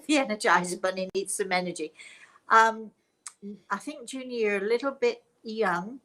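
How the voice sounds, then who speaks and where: A woman's voice: medium pitch, normal speed, sharp tone, poor audio. An older woman chats off the cuff, her stories running on and doubling back. She laughs easily as she goes. Her voice comes through a computer mic on a live stream. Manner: chatty and rambling, laughing often. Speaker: host, spiritual medium and author. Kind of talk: casual live-stream chat.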